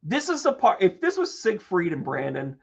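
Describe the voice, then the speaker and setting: A fairly high-voiced man hosts a live tarot reading, bursting with exclamations, jokes and casual swearing as he calls out viewers by name. The stream audio is dull and lo-fi. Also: huge pitch swings, normal speed, creaky, breathy edge. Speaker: tarot reader and medium.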